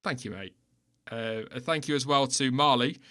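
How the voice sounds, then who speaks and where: This thirty-something podcast host speaks at a moderate pace in a mid-range voice that's pushed and bright. Running a casual live stream from home without footage, he reads timing data aloud, chats with his co-host, and frequently laughs at himself.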